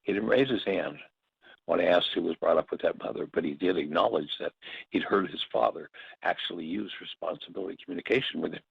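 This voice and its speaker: A man's voice: sits low, fast talker, vocal fry, slightly rough, no room sound, muffled recording. A man teaching a workshop, telling stories and slipping into short acted quotes. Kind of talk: reflective spoken teaching.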